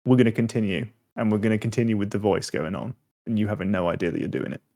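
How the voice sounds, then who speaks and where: A man's voice: fairly low pitch, fast, dark tone. A man running a tabletop game as game master, laughing often and cheering the players on. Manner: laughs often, upbeat and encouraging. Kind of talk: casual tabletop game chat.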